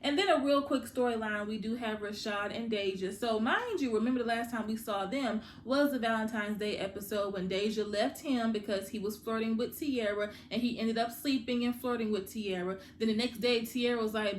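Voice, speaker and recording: A woman hosting a casual TV recap, chatting directly to her viewers and quickly paraphrasing what the characters said. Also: fairly high pitch. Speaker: TV recap host. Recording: roomy echo with faint background hum.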